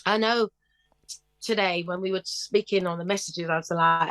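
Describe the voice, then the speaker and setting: A woman's voice: fairly low pitch, moderate pace, smooth, dry recording. A woman in her fifties, a singer, telling stories from her life in a casual interview. She acts out other voices and breaks into snatches of song. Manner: animated storyteller who acts out voices and sings snatches of songs.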